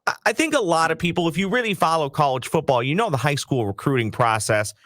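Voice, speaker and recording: A man's voice: on the high side, animated, fast talker, fairly bright tone, no room sound, clean studio sound. A man co-hosting a sports chat show, talking earnestly and building his point through repetition. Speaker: sports podcast co-host.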